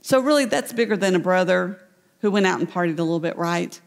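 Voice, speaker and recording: A woman pastor preaching a sermon, retelling a parable with animated storytelling. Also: on the low side, quick pace, creaky, big-room sound. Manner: storytelling, voicing the characters in the parable. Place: church sanctuary.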